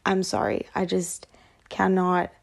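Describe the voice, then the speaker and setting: With a lowish, gravelly voice and a completely flat, slow delivery, a sleep-deprived woman vlogs about personal matters. She rambles candidly to camera and swears frequently.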